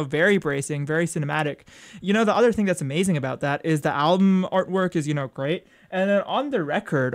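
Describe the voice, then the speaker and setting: A young man hosting a college radio show, chatting casually between songs with many ums and self-corrections. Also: a little high. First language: French.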